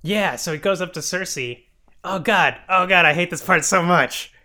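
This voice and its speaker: A young man with a bright, forceful voice, chatting loosely on a comedy podcast. He pitches a touch high and keeps breaking into giggles as he rambles through a recap. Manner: rambling, giggly, slips into quick voices for characters. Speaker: podcast co-host recapping a show. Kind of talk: casual comedic podcast chat.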